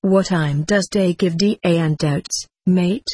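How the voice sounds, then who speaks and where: A reader voicing a grey, shifty-eyed old tramp who speaks in a hoarse, anxious voice with rough slang in a storybook. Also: medium pitch, slow pace, mellow, no room sound, studio quality.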